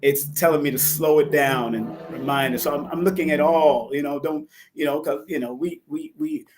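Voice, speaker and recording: A man's voice: on the high side, moderate pace, noisy background. A man hosting an online talk show, chatting animatedly and often repeating words, his voice a bit worn. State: losing his voice. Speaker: host. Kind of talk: casual interview chat.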